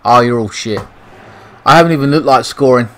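A man's voice: mid-range voice, brisk, fairly bright tone, rough recording. A young British man giving frustrated, swear-heavy commentary over a football video game. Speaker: gaming YouTuber. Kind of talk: gameplay commentary.

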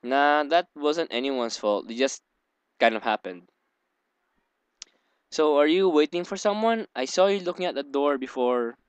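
A young man hosts a let's play, reading a visual novel aloud and drifting into rambling, giggly asides. His smooth, clean voice sits right at a dry desk mic with no room sound or echo. It's on the high side and expressive, and he speaks unhurriedly with frequent pauses.

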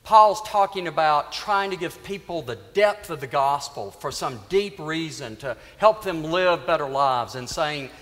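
Male priest, sermon, earnest storytelling, slightly high voice, reverberant church. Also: expressive, fairly bright tone. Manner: storytelling, earnest, dramatic pauses.

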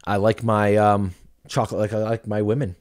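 A man's voice: fairly low pitch, level tone, a little fast, darkish tone. A man hosting a casual podcast chat, joking and laughing at his own lines. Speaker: podcast host.

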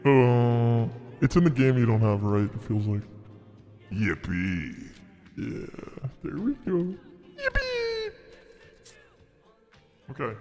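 A man's voice: animated, a little fast, few pauses, dark tone. A man streaming a game in casual commentary, playfully reading item names aloud. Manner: playful, reads item names aloud with big pitch swings. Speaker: gaming streamer. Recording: reverberant with game music behind.

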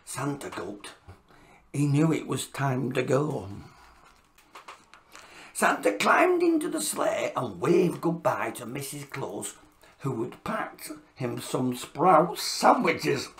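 A woman who runs her own reading channel narrates a children's story with a playful, expressive delivery. Her voice is bass and slow.

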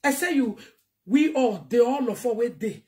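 A Nigerian-accented woman rants straight at her viewers in a fairly high voice. She scolds, repeats her points and drops in Yoruba phrases as she talks. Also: expressive, normal speed, warm tone. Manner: ranting, scolding, repetitive, mixes in Yoruba phrases. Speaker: online commentator. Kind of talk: heated monologue to viewers.

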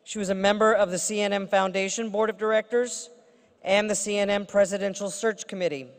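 A woman who is a state senator gives a formal ceremonial introduction at a podium with playful asides. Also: mid-range voice. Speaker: state senator presenting an honorary degree. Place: large ceremony hall. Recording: reverberant ceremony hall.

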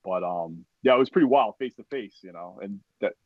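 A man with a low voice recounts a war story as a podcast guest. He is casual and profane, acts out the shouts of the people around him, and fills his speech with "like" and "you know". The recording is dry and a little dull. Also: brisk, dry recording. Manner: profane, animated retelling with acted-out quotes; heavy use of "like" and "you know". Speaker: podcast guest, army veteran.

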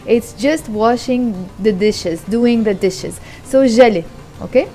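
A woman with a fairly high, mellow voice teaches a casual vlog lesson at her kitchen sink. She patiently repeats each word slowly and explains it. Faint music plays behind her. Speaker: language teacher.

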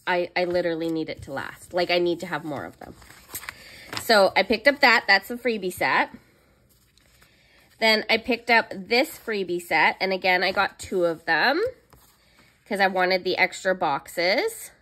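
A woman's voice: on the low side, expressive, unhurried, a bit bright. A young woman chatting casually in a haul vlog, gushing and squealing over cute planner stickers. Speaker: planner vlogger.

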